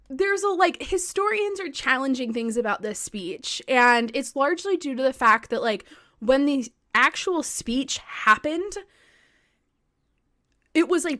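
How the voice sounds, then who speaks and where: A woman co-hosting a podcast, telling a history story in animated, chatty talk full of "like" and the odd swear word. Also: fairly high pitch, a little slow, dry recording, clean studio sound. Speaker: podcast co-host. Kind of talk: casual chat, storytelling.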